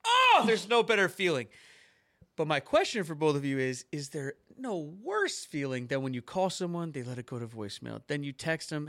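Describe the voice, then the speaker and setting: A male podcast host chatting casually, ranting in an animated, theatrical way with exaggerated outrage. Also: fairly high pitch, normal speed, dry recording, studio quality. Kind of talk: casual chat.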